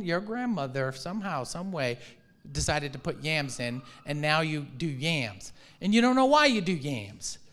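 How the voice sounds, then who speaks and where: A man preaching a sermon as pastor, animated and conversational, acting out quoted reactions and asking the congregation questions. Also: a little high. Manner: restarts and repeats words often.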